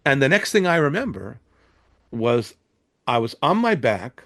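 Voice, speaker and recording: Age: 70s. Role: interview guest, record producer. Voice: gravelly, mid pitch. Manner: animated storytelling with restarts. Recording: dry, close. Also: male voice, unhurried, no echo. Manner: animated, with frequent restarts and repeated words.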